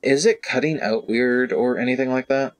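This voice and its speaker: A man with a medium-pitched voice at normal speed streams a video game into a studio mic. He reads the on-screen text aloud and comments casually and animatedly, swearing now and then.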